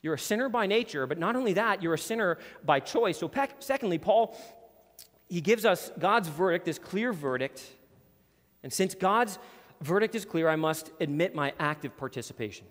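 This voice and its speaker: A man preaching a sermon in a church hall with a screen behind him, earnest and emphatic, slowing down to read scripture. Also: sits high, expressive, fairly bright tone. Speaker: pastor.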